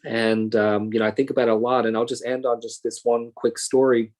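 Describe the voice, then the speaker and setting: A man's voice: medium pitch, flat delivery, fairly quick, a little mellow. A man in his thirties speaking as a congressman and guest in a panel conversation, earnest and thoughtful, with frequent fillers and restarts. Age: 30s.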